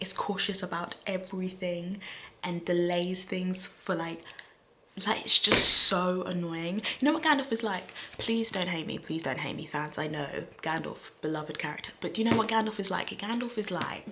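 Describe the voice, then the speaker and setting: Woman, book vlogger, excitable and chatty, whispered asides, lowish voice. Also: noisy background. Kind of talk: casual reading-reaction vlog.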